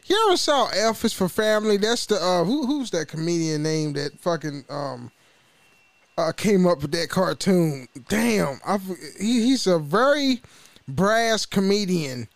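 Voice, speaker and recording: A man's voice: high voice, lively intonation, measured pace, creaky, no room sound. A man hosting his own podcast in a casual monologue, loose and profane, often stumbling over his words. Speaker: podcast host.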